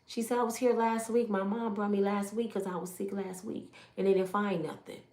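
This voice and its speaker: A woman's voice: medium pitch, little pitch movement, a little fast, a little mellow, echoey room. A middle-aged woman from Michigan telling an emotional personal testimony, emphatic and full of quoted dialogue. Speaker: testimony speaker.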